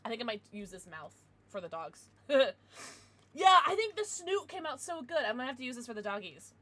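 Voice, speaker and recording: A woman's voice: a little high, sing-song, brisk, sharp tone. A woman livestreaming, chatting casually with her viewers in a bubbly, giggly way with playful baby-talk asides.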